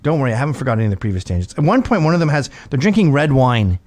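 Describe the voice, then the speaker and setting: A middle-aged man hosts a show, telling a rambling comic story in a loose, profane way. His pitch swings widely as he talks, and he now and then jumps into a high squeal to mimic someone. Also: very animated, very fast, a little mellow. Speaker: show host. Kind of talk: casual comedic storytelling.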